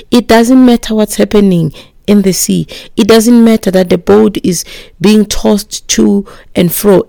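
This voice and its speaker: A woman preaching a sermon in an emphatic, repetitive way, dropping to breathy whispers for emphasis. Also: medium pitch, warm tone, no echo, studio quality.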